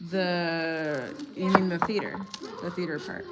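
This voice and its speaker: Heavy background noise surrounds this American woman in her thirties as she livestreams, greeting viewers and alternating between English and Spanish. Her voice is on the low side and unhurried, relaxed but hesitant with fillers as she crafts.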